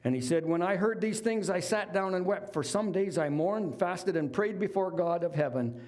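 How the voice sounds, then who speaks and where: A man's voice: high voice, lively intonation, normal speed, darkish tone. A middle-aged man preaching a sermon, retelling a Bible story in a conversational, folksy way with casual asides. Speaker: lay preacher.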